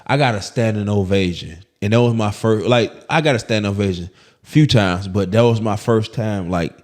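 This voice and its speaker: A man's voice: on the low side, moderate pace. A man from Alabama with an Alabama accent, a comedian guest chatting casually in an interview and acting out other people's voices as he tells stories. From Birmingham, Alabama. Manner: animated storyteller who acts out other people's voices.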